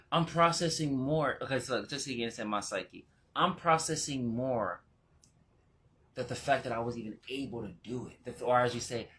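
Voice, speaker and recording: Bright-voiced excitable male spiritual teacher. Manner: excitable, laughing, jumps into high exclamations; slows down and goes quiet when reflective. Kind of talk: casual spiritual vlog talk.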